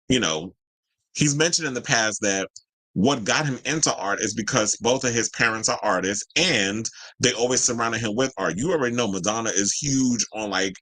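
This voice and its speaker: A man's voice: lowish voice, pushed and bright, no echo, rough recording. Sassy, chatty man dishing gossip. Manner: sassy and chatty, says "child" and "y'all". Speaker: host. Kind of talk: casual celebrity gossip commentary.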